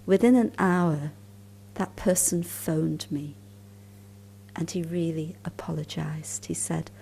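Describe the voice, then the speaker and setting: A woman speaking to a conference audience as a spiritual teacher, her voice mellow and a little low. She tells her stories calmly and at an easy pace, sometimes dropping to soft, breathy near-whispers. A faint hum sits in the background. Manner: calm, unhurried storytelling with soft near-whispered asides. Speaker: spiritual teacher giving a talk. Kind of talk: storytelling lecture at a conference.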